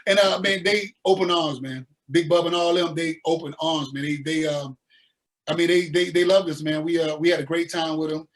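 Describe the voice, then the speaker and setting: A man from the American South, a musician guest telling his story in a laid-back, animated way with slang. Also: on the high side, moderate pace. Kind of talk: casual interview storytelling.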